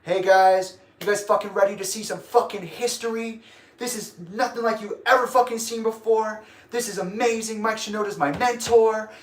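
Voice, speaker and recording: A man's voice: high voice, steady tone, moderate pace, echoey room, voice pushed up, close to an everyday voice. A man mocking a hyped male rock opener who fires up a crowd with brash, profane boasts.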